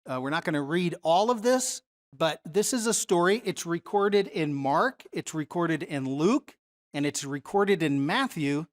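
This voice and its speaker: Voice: mid-range voice, animated, unhurried. Conversational Bible teacher. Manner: conversational, asks the audience questions. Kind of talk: Bible study lesson.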